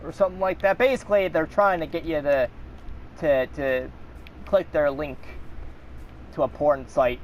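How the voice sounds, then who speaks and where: A man's voice: on the high side, steady tone, moderate pace, pauses often, slight background noise. A man ranting in an exasperated, rambling and profane way as a channel host. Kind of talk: angry rant.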